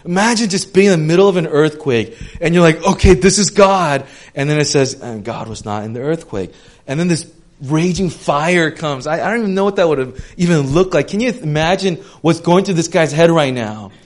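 Young guy preaching, slightly high voice, chatty, gets loud then goes real quiet. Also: a little fast. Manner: conversational, swings from loud animated retellings to soft hushed reflection. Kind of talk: sermon.

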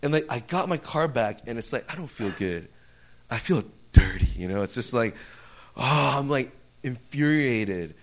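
A young man preaching a sermon, telling a personal story in a conversational, animated way that swings from quiet to loud, with many fillers. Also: mid-range voice, normal speed.

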